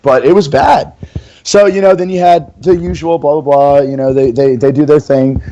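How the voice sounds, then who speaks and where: A man's voice: a little high, fairly even intonation, moderate pace, dark tone, highs cut off. Male podcast co-host; casual, rambling, profane fan banter. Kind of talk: casual chat.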